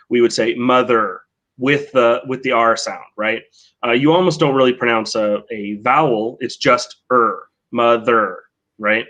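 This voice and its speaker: A man co-hosting a live learning stream, explaining clearly and checking in with "right?" often. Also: mid-range voice, fairly bright tone. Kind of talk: casual teaching chat.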